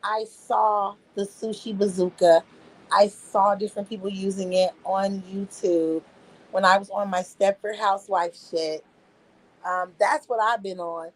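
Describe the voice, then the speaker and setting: A young woman chats on a home livestream at an unhurried, drawling pace. Her talk is relaxed and full of slang, and she keeps answering her viewers directly. She sounds like she is talking into a phone mic. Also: mid-range voice, low-quality recording. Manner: laid-back, slangy, talks back to chat with laughs. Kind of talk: casual livestream chat.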